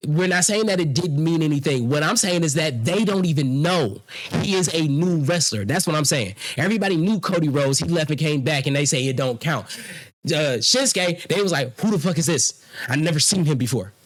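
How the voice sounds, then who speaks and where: Emphatic, argumentative man, higher voice. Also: lively intonation, normal speed. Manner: emphatic, argumentative, swears, talks over others. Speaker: podcast co-host. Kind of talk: heated casual debate.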